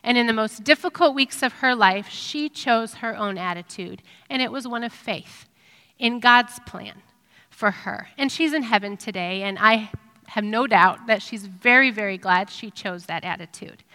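A middle-aged woman giving an earnest, reflective devotional sermon, pausing with ums. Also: fairly high pitch, bright, forceful tone. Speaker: speaker giving a devotional talk. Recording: long reverb of a hall.

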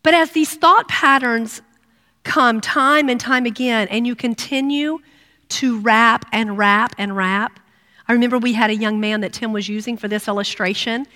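A middle-aged woman giving a sermon to women, earnest and personal, dropping to a hush when she voices prayers. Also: on the high side, moderate pace. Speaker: women's ministry speaker. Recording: long reverb of a hall.

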